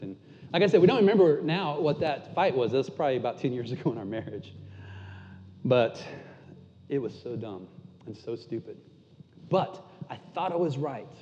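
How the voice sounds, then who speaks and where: A man preaching a sermon and telling a candid, self-deprecating story. At tender moments he drops almost to a hush. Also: medium pitch, a little hiss or hum. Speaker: pastor. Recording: muffled sound with long hall reverb.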